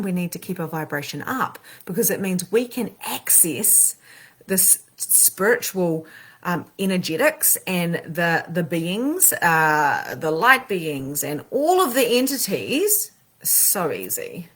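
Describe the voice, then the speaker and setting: A woman, a spiritual coach and medium, talking casually and animatedly with slang, her voice swinging between loud and soft. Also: lowish voice, very animated, a little slow, breathy edge. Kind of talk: casual motivational talk.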